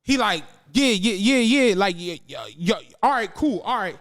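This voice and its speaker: High, animated man telling a story. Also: normal speed. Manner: animated, profane, acts out the people in his story. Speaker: podcast co-host. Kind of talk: casual storytelling chat.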